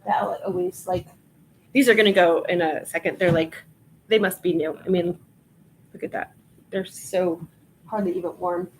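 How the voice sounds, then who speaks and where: A woman's voice: fairly low pitch, fairly even intonation, moderate pace, pauses often, slight background noise. Chatty woman streaming from Long Island. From Long Island, New York. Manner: chatty, laughs often, talks to viewers, reads out item details. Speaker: reseller livestream host. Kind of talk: casual livestream chat while processing inventory.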